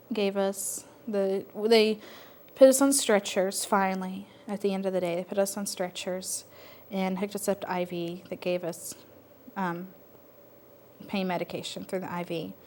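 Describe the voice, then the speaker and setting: A woman telling her personal story in a reflective, halting way, with frequent pauses and fillers. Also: medium pitch, flat delivery, a little mellow, slight background noise. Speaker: interviewee sharing personal story. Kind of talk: personal testimony.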